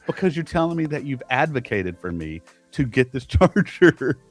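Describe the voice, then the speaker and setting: A man co-hosting a podcast tells a story in relaxed, casual chat. He sounds animated and exasperated, restarting his sentences as he goes. His voice sits at an ordinary middle pitch, with faint music underneath. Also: moderate pace. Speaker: podcast co-host.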